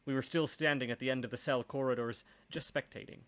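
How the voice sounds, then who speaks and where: A man's voice: medium pitch, fairly even intonation, fast, a bit bright. A man reading a first-person story aloud, with dry, wry asides.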